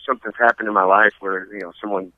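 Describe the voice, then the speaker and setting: A man with a Southern US accent, a comedian calling in by phone, halting and self-deprecating. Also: on the low side, fairly even intonation, no room sound. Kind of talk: casual chat. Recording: dry, bright phone line.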